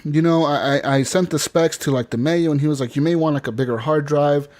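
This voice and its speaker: A man's voice: fairly high pitch, brisk, darkish tone. Rambling, profane casual podcast guy. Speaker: podcast host. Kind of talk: casual chat. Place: podcast studio.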